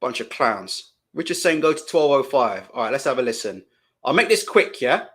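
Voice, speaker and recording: A man's voice: mid-range voice, big pitch swings, normal speed, a bit bright. A man hosting live boxing commentary, ranting indignantly and profanely, hammering the same questions again and again.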